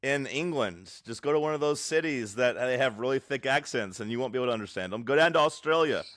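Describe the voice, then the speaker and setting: A man co-hosting a podcast, who teases his co-host in a blunt, deadpan way. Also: mid-range voice, fast talker, dry recording, clean studio sound. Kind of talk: casual chat.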